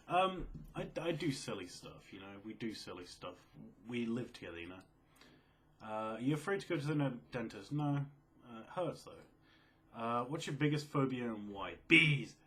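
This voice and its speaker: Young male video creator, soft-spoken and sleepy-sounding, casual Q&A, mid-range voice. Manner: quiet, low-key, self-described mellow and sleepy. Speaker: video creator answering viewer questions. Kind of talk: casual Q&A chat.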